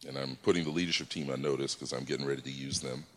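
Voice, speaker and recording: A man's voice: a bass voice, fairly even intonation, rapid-fire, fairly bright tone. A man preaching in a church, explaining scripture in a casual, conversational way with many fillers. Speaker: pastor. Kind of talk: sermon.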